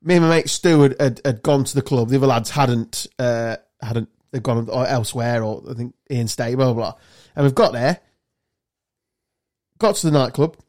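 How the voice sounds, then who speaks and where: Rambling lad spinning a yarn. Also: male voice, medium pitch, normal speed. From South Lincolnshire, England. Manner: rambling, animated anecdote-telling with sweary banter. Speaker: podcast host. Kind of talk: casual storytelling chat.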